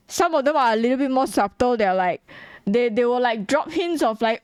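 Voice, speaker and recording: A woman's voice: on the high side, expressive, a little fast, smooth, no echo. Blunt chatty woman streamer, dry sound. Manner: chatty and blunt, laughs often, mimics chat questions. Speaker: streamer and artist. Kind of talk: casual livestream chat while drawing.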